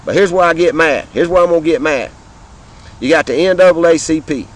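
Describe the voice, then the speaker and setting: In poor audio, a man from the Southern United States with a fairly high voice and a Southern American accent delivers an impassioned political rant to camera. Fiery and profane, he talks straight to his viewers and keeps repeating his points for emphasis.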